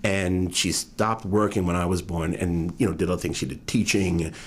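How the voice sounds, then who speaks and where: A man with a non-regional American accent, a guest author telling animated stories in a casual interview. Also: low-pitched, moderate pace, breathy edge. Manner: animated storyteller, drops into impressions.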